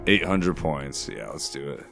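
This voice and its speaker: Deep-voiced laid-back male gamer. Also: animated, unhurried, gravelly, music in the background. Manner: laid-back, mumbling, self-deprecating asides. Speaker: gameplay commentator. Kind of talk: casual game walkthrough commentary.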